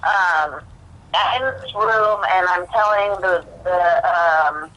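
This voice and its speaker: A woman's voice: lowish voice, slow, bright, forceful tone, lo-fi sound. A woman, a podcast guest speaking from prison, telling her own story candidly with many fillers and restarts, acting out what she thought at the time. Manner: rambling, filler-heavy, reenacts her own past thoughts in quotes.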